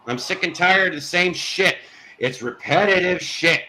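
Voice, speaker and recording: A man's voice: high-pitched, normal speed, sharp tone, slight background noise, low-quality recording. A man hosting a casual live stream, ranting at his chat in an exasperated way, with stops and restarts. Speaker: host.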